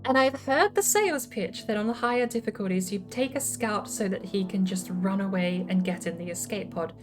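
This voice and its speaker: A woman's voice: mid-range voice, brisk, faint music behind. A woman hosting a casual livestream, thinking aloud as she explains her game build ideas. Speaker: streamer host.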